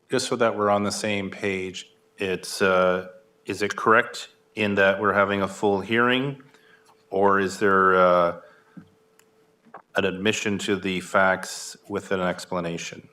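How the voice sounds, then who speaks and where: Brief: male prosecutor at a hearing, low voice with a forceful bright edge, formal and careful.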